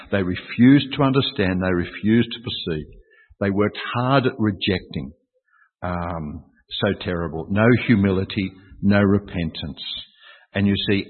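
A husky-voiced man delivers a sermon, pressing his points with repetition and rhetorical questions. His voice rings through a large hall with a long, trailing reverb. The sound is thin and tinny, like a phone line. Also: fairly low pitch. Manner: emphatic, repeats key phrases and asks rhetorical questions. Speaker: preacher.

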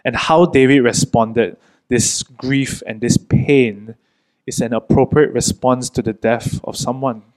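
A man preaching a sermon in an earnest, gentle way, pausing often between short phrases. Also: mid-range voice, fairly even intonation, low-quality recording.

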